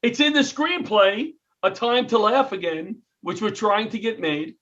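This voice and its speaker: A New York man with a high, light voice, spinning an animated story and acting out what everyone said. The sound is dull and muffled, like a call recorded on a laptop. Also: measured pace. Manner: animated storyteller, acts out quotes, self-interrupting. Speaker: comedian and retired firefighter. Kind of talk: interview storytelling.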